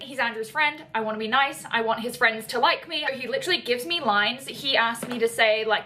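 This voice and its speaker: A young woman casually telling a personal story, animated and jumping higher when she quotes people. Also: fairly quick, hardly any pauses, slight background noise. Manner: animated, jumps up in pitch when quoting people. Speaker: podcast storyteller.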